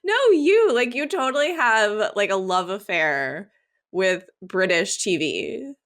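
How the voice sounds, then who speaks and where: A woman's voice: mid-range voice, expressive, slow, fairly bright tone. A woman co-hosting a casual watch-along over a video call, joking playfully. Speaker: co-host of a watch-along show. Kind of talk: casual reaction chat.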